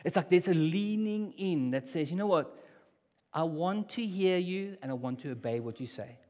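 A man's voice: a little high, animated, normal speed. Conversational preacher man in a reverberant hall. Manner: conversational, swings from hushed to loud. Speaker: pastor. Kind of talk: sermon. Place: church hall.

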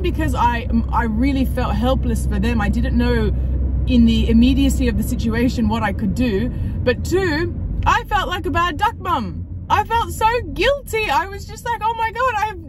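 A woman vlogging casually to camera, chatty and emotional, with an Australian accent. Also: a little high. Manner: emotional, chatty, talks sweetly to her ducks. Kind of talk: casual vlog talking to camera. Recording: noisy background sound.

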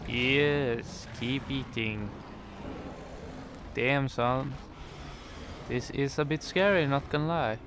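A man's voice: mid-range voice, slow, long pauses, noisy background. A man commentating his game playthrough, joking and talking to the characters on screen. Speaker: gamer. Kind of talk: let's play commentary.

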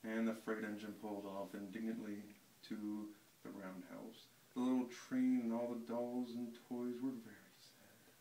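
A man reading a picture book aloud to a child in a gentle storytelling manner. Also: fairly low pitch, flat delivery, a little slow, echoey room, distant mic, a little hiss or hum, poor audio. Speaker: reader to a child.

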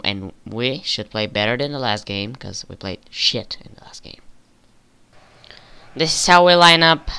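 A young man giving casual, profane commentary over a football video game he is playing, flaring up in frustration and excitement. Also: mid-range voice, clear, resonant tone. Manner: swears often, flares up with frustration and excitement. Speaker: gaming video creator.

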